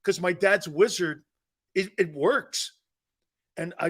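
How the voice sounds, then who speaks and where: A middle-aged man hosting a sports talk show, telling a family story with loud laughs and acted-out quotes. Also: sits high, slow pace. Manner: excitable, laughs loudly, acts out quotes.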